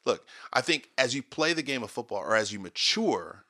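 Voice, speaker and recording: Animated, bright-voiced man telling stories. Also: mid-range voice, normal speed, dry recording, clean studio sound. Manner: animated, excitable storyteller. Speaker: guest. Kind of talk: casual podcast storytelling.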